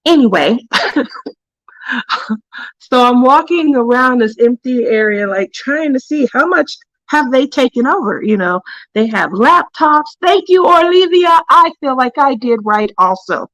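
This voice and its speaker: A woman's voice: on the high side, expressive, a little slow, a bit bright, dry recording, rough recording. Chatty, laughing woman telling a work story. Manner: chatty, laughs often, greets viewers mid-story. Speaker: craft channel host. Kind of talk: casual livestream storytelling.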